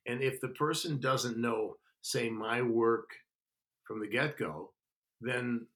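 An older man, a guest actor, telling stories in a casual interview, animated and full of restarts and "you know". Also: mid-range voice, slow. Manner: animated, restarts and lots of 'you know'.

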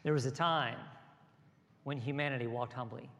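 A pastor delivering a sermon, shifting between soft, low asides and raised, rhythmic exhortation. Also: male voice, normal speed. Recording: long hall reverb with soft music behind.

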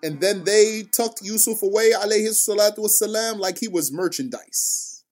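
A man telling a religious story, reciting scripture, then explaining it line by line in a slow, deliberate manner. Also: sits high.

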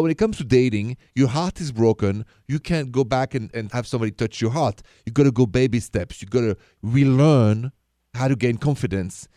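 Dark-toned man hosting radio advice. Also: mid-range voice, no echo, studio quality. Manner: chatty, coaching, repeats key phrases. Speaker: radio dating advice host.

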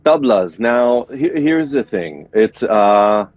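Male guest, 40s, easygoing and explanatory, lower voice, dry recording. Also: slow pace, dry recording, dull audio. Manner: relaxed, explanatory, with fillers. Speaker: guest musician. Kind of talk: casual interview chat.

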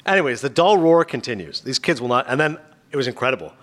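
A podcast host with a mid-range voice tells a story at a quick pace in casual chat. He's animated, acting out the voices of the people in his anecdote.

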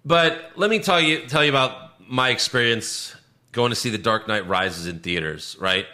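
A man in casual movie-review chat, ranting with swearing, his voice jumping high when he gets outraged. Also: normal speed, bright, forceful tone. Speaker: podcast co-host.

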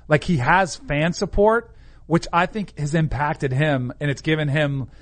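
A man hosting a sports talk show, laying out news stories in a steady, explanatory way. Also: on the high side, unhurried. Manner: steady, explanatory, sets up topics. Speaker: podcast host.

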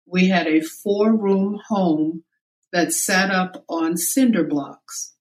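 An older woman from the American South, a guest in an interview, telling a personal childhood story slowly and reflectively. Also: lowish voice. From South Carolina, US. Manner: slow, reflective storytelling with quoted voices.

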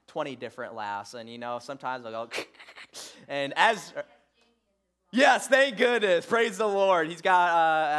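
Young Midwestern male pastor, slightly high voice, casual halting sermon delivery full of fillers. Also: pushed and bright, clean tone. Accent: Midwestern American. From Michigan. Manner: halting, many "uh" fillers, self-deprecating humor. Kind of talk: conversational sermon.

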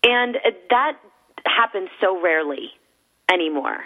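A woman's voice: lowish voice, sing-song, a little slow. A woman guest who works with companies and salespeople, speaking in a thoughtful, reflective way. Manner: thoughtful, reflective, often starts with "I think". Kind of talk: casual conversation. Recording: phone-like narrow sound.

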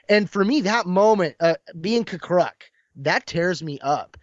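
Man, high voice, emotional animated retelling, dull lo-fi, dry sound. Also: slow, no room sound. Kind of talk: casual chat about a comic.

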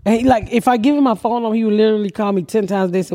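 A woman's voice: medium pitch, very fast, dark tone, dry recording. A woman hosting a podcast, telling stories in blunt, profane casual chat. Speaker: podcast host.

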